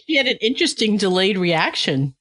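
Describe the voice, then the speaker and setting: A woman's voice: medium pitch, very animated, a little fast, fairly bright tone, no echo. A woman hosting an interview podcast about breastfeeding, chatting casually and laughing along with her guest. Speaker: podcast host, lactation consultant.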